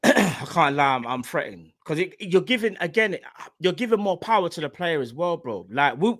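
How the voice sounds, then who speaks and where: Young man, casual football chat, very animated, dry close sound. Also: on the high side, normal speed, no room sound. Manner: animated, slangy, jokey. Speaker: football podcast co-host.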